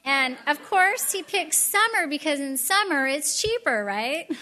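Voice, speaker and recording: A middle-aged woman giving a storytelling sermon with chatty, animated asides. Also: sits high, unhurried. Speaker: speaker at a Christian event.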